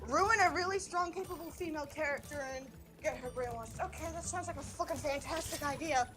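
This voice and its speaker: A woman livestreamer chatting casually while she plays, rambling in an animated way and swearing freely. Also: sits high, fairly quick. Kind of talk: casual chat while streaming a game. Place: home streaming setup.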